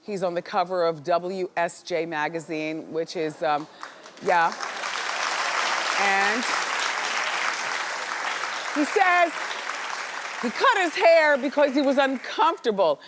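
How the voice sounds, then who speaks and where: A woman's voice: medium pitch, animated, slow, long pauses, a loud crowd, very noisy. A woman hosting a talk show, chatting candidly and playfully before running a call-in giveaway game. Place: TV studio with audience.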